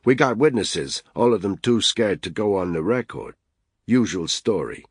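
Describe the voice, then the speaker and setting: Man reading brash male surveillance analyst, sarcastic, impatient, raised pitch, audiobook thriller. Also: animated, moderate pace, husky, dry recording, studio quality. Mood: wry.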